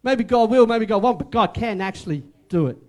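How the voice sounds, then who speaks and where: A man's voice: high-pitched, expressive, a little fast, a little mellow. A man preaching a sermon as pastor, emphatic and repetitive, with joking asides.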